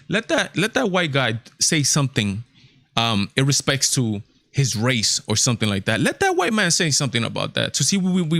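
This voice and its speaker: A man's voice: mid-range voice, vocal fry, a bit bright, no room sound, clean studio sound. A man hosting a casual livestream, talking emphatically with lots of repetition. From Hispanic heritage, United States. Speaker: show host.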